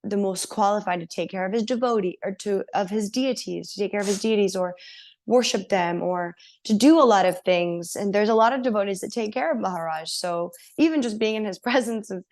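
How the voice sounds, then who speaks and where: A woman guest on a podcast interview, telling her personal story in an earnest, animated way and laughing now and then. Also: mid-range voice, a little fast. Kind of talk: casual interview.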